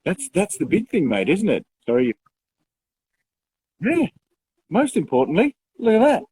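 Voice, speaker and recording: A young man co-hosting a casual live show, chatty and quick to laugh, calling his partner mate. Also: high voice, wildly swooping pitch, mellow, slightly rough, no echo, poor audio. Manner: chatty, laughs often, says mate a lot. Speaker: co-host.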